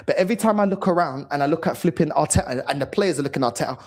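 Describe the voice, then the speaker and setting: A man's voice: fairly high pitch, very fast, few pauses. A man hosting a fan channel, ranting furiously about his team, swearing and repeating himself. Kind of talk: angry fan rant to camera.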